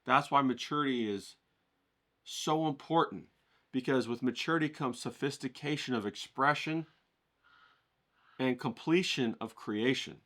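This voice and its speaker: A man teaching an art class in a motivational, coaching way, often checking in with the listener and rising with excitement. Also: unhurried, long pauses. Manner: animated, rises in pitch when excited.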